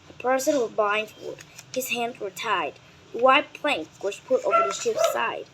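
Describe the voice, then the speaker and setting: A woman whose first language is Vietnamese reads a children's nonfiction book aloud in English, carefully and deliberately, sometimes stumbling and correcting herself. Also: a little high, background noise.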